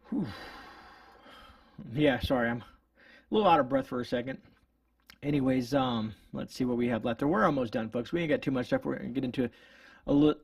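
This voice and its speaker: Channel host, male, rambling indignant commentary, gravelly voice, dry sound set back from the mic. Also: mid-range voice, dry recording, far from the mic. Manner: indignant, rambling, many restarts. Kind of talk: ranting political commentary.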